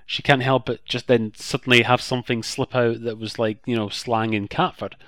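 A podcast co-host keeps up a chatty, agreeable tone in a casual discussion, hitting his stressed words hard. His medium-pitched voice is flat and fairly bright at a moderate pace, recorded dry.

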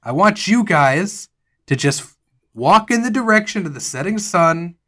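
A man voicing a brusque male sheriff who gives loud, gruff orders. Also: high voice, lively intonation, measured pace, pitched above the performer's own voice. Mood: bossy.

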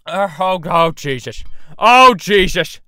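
Man voicing hot-headed bounty hunter parody, gruff swearing rants, dry close sound. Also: high-pitched, expressive, slow, bright, forceful tone, no echo, exaggerated voice. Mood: defensive. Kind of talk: parody voice acting.

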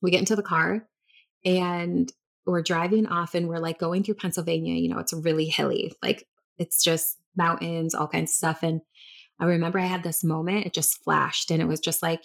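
A woman's voice: on the low side, flat delivery, normal speed, gravelly. A woman in her thirties co-hosting a podcast, telling a personal story candidly with many restarts. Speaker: podcast co-host. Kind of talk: casual chat.

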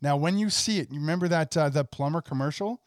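A man's voice: a little high, fast talker, dry recording, studio quality. A middle-aged man hosting a podcast in casual chat, enthusiastic and rambling, laughing often. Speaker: podcast host.

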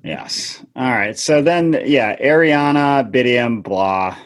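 A man's voice: medium pitch, animated, slow pace. A man co-hosting a casual podcast who drops wry, jokey asides. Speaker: podcast co-host. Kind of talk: casual chat.

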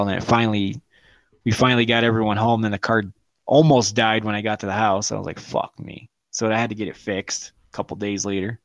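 A man's voice: lowish voice, fairly bright tone, dry recording. Guy on a podcast telling a crude story, lots of swearing and laughing, dry close sound. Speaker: podcast co-host. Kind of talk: casual storytelling chat.

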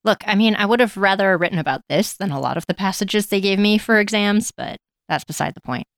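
A woman's voice: mid-range voice, expressive, a little fast, dry recording. Woman cohost cracking jokes, laughs a lot, dry sound. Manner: joking, laughs often. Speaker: podcast co-host. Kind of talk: casual chat.

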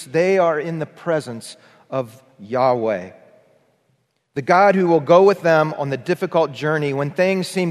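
A man preaching in a church with a slightly raised voice and earnest, shifting emphasis. His voice carries a long reverb from the sanctuary around him. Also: fairly high pitch. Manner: earnest preaching, varied emphasis, leads congregation in repetition. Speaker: pastor. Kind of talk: sermon.

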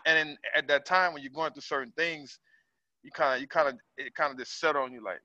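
Forceful man sharing haltingly on a call. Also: on the high side, no echo. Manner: halting, many ums and restarts. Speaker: caller, small business owner. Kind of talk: casual sharing on a group call. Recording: dull lo-fi call audio.

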